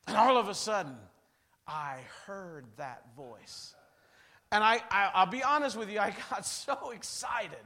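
Dramatic high-voiced male preacher. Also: expressive, measured pace. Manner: dramatic storytelling, swings from loud to hushed. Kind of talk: revival sermon.

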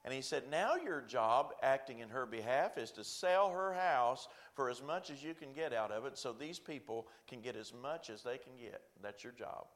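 A man's voice: medium pitch, lively intonation, normal speed, hardly any pauses, fairly bright tone. A middle-aged man, a pastor, telling a long personal story in a sermon, folksy and self-deprecating, acting out the other voices he quotes.

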